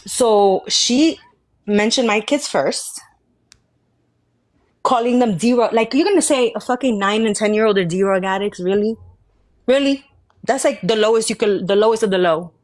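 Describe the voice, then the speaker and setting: A woman's voice: mid-range voice, normal speed. A woman in a heated live argument, confrontational and taunting with constant swearing. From Georgia, US. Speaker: live stream participant.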